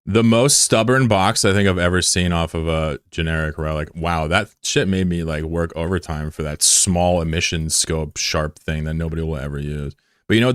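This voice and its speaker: Deep-voiced man chatting with stream viewers. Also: smooth, no echo, clean studio sound. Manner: joking, profane, laid-back banter. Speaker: game streamer. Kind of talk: casual live-stream chat with viewers.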